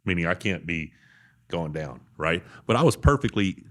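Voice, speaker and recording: A man, telling animated stories as a podcast guest. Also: deep voice, dry recording, studio quality. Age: 40s. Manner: fast animated storytelling. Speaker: podcast guest, arm wrestler. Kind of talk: casual interview storytelling.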